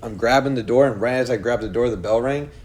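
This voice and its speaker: A man's voice: mid-range voice, fast, darkish tone, a little hiss or hum. A young man casually telling a long, rambling story to friends on a podcast, acting out quotes and swearing freely. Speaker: podcast co-host.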